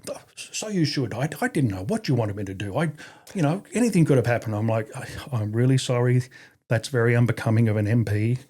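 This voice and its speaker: A man in his forties with an Australian accent tells a casual anecdote as a podcast guest. His voice is dark and slightly husky, and he swears freely and laughs as he talks. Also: medium pitch, lively intonation, fast. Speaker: podcast guest, army veteran. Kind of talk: casual storytelling interview.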